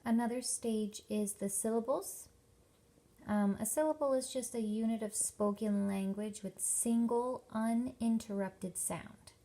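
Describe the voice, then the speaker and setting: A young woman teacher giving a workshop presentation to parents, explaining slowly and carefully with lots of examples. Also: fairly high pitch, warm tone. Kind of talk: instructional presentation.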